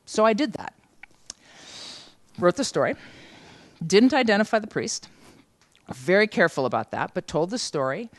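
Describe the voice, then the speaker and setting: A woman teaching a journalism seminar, recounting a past story in a lively anecdotal way and slipping into the voices of the people she quotes. Her voice sits at a middle pitch. The recording is dry, with almost no room echo. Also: moderate pace, pauses often. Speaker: journalism trainer.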